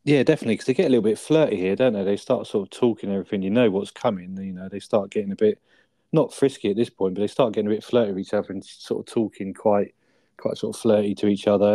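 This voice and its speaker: A laid-back man chats through a film review in a low, mellow voice, swearing casually and tagging his remarks with little questions. The sound is dry and close to the mic. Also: quick pace, no room sound. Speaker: podcast co-host.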